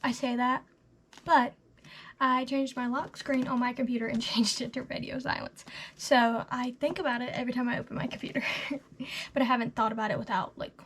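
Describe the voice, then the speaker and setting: Eighteen-year-old woman, book vlogger, high bright voice, gushing casual chat that drops into breathy half-whispers. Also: steady tone, brisk, slight background noise. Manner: gushing and chatty, full of "literally" and "like", trailing into soft half-whispers.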